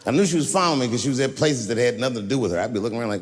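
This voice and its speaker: A man performing live stand-up comedy, telling a profane, animated story to an audience. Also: medium pitch, racing, few pauses, faint music behind. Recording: echoey hall, live show.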